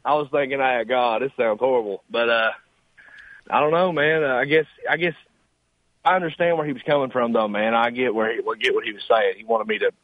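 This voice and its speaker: A nineteen-year-old man with a Southern Appalachian accent on a phone call, talking in a humble, halting way and saying "man" often. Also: mid-range voice, steady tone, no room sound. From Eastern Kentucky mountains. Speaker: caller, singer guest. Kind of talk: casual phone interview. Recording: tinny phone line.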